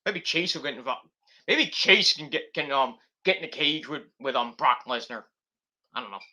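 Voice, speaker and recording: A man's voice: medium pitch, lively intonation, moderate pace, bright, forceful tone. A man hosting a casual late-night wrestling podcast, rambling and profane with lots of fillers. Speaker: podcast host.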